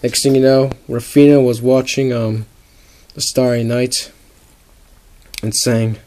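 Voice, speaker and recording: A man's voice: mid-range voice, level tone, unhurried, pauses often, dark tone, slight background noise. A young man casually narrating a homemade comic story, rambling with lots of "like". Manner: rambling, full of "like".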